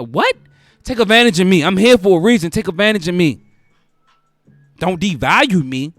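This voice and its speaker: High-voiced man preaching advice, repeating himself. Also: animated, a little fast, pauses often, a bit bright, no echo, faint music behind. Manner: preachy, repeats phrases for emphasis. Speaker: host. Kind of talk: casual monologue giving advice.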